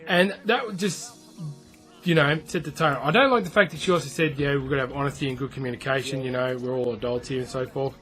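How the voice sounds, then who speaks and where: A man's voice: mid-range voice, fast talker, fairly bright tone, soft background music. A man with an Australian accent, a gaming YouTuber telling a rambling, self-deprecating story over gameplay.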